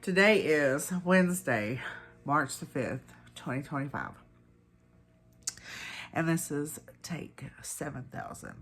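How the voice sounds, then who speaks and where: A woman with a low voice, nose stuffed up from allergies. She chats casually to camera from home, wandering off topic and laughing at herself as she goes. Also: sing-song, takes it slowly, pauses often, slightly rough. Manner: chatty, rambling, laughs at herself. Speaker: crochet podcast host. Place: at home, indoors.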